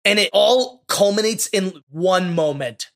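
A man with a high, bright, sharp voice chats casually as a podcast co-host. He gushes and gets openly emotional, piling on feeling. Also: unhurried, gravelly. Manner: effusive, emotional, gushing. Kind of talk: casual movie discussion.

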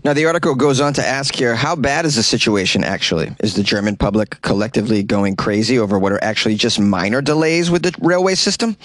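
A man who lived in New York City hosts a comedy news podcast from a small closet, reading articles aloud and mocking them sarcastically as he riffs on them. His medium-pitched voice moves fast with few pauses and no echo.

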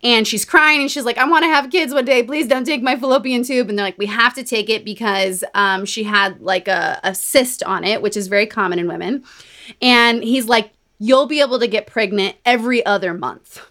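A woman hosting a conversational podcast, her voice sitting a little high. She chats through a book recap and her own stories, animated and quick to slip into quoted voices. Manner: chatty, animated storytelling with laughs and quoted voices. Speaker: podcast host. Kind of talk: casual chat recapping a book.

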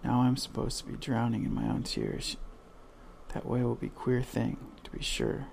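A man's voice: medium pitch, big pitch swings, moderate pace, a little mellow, a little hiss or hum. A man voicing an eager, polite little girl while reading a storybook aloud. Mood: musing. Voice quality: creaky, husky. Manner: eager, chatty, earnest.

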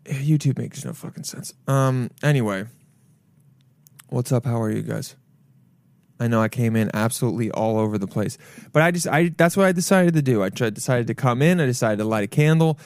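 Young guy rambling on his podcast alone, loud and jokey, swears a lot, dry sound. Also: medium pitch, expressive, fairly quick, dry recording. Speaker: podcast host. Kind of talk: solo podcast rant. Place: apartment. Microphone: camera mic.

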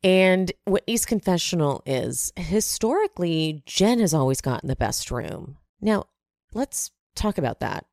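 A woman recaps a reality show in a chatty, unhurried way, tossing in animated asides. Her voice sits a little low. The sound is dry and close, with no room echo. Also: gravelly. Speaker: recap podcast host.

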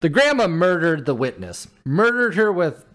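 A man's voice: fairly high pitch, big pitch swings, normal speed, fairly bright tone. A man co-hosting a podcast, joking and rambling, often losing track of names. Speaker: podcast co-host. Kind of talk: casual chat.

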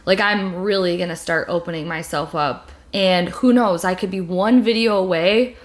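A young woman who makes videos and hosts a podcast leads a casual chat about video-making. Her voice sits on the low side at a normal speed, and she talks candidly, rambling with lots of fillers and restarts.

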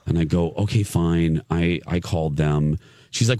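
A man's voice: low voice, normal speed, dark tone, no echo, studio quality. A middle-aged man from Indiana hosting a radio show, telling a story in casual chat with stammered restarts and laughter at himself.

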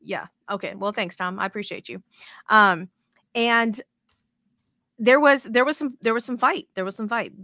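A woman hosting a podcast in casual chat, excitable and rambling, with the odd swear. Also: mid-range voice, normal speed, long pauses, dry recording, studio quality. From moved to Texas as an adult. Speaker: podcast host.

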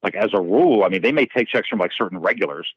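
Fast-talking, profane male bartender. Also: low voice, breathy edge, no room sound, muffled recording. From New York. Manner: animated, profane, many restarts. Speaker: bartender and guest. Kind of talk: casual storytelling.

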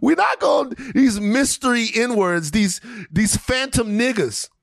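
Male co-host, comic profane rant, bouncy high voice, dry close-mic sound. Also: a little slow, creaky, no echo. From South Louisiana family roots. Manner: animated, profane, acts out voices, laughs while talking. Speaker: podcast co-host. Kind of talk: casual comedic rant.

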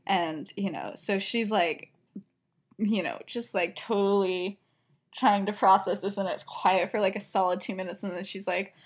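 A woman's voice: medium pitch, fairly even intonation. Young female podcast co-host, giggly chatterbox, retells stories and acts out every quote. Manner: chatty, giggly, full of fillers and quick quoted voices. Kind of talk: casual chat retelling a fan story.

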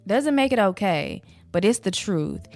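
A woman's voice: mid-range voice, very animated, measured pace, darkish tone, dry recording, soft background music. A young woman and mother talking candidly and emotionally in a personal vlog, casual and conversational. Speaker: vlogger, mother.

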